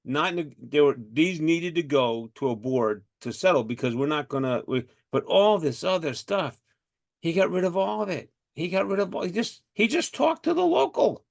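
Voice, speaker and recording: Animated, laughing firefighter podcast host. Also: male voice, a little high, normal speed, creaky. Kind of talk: casual chat.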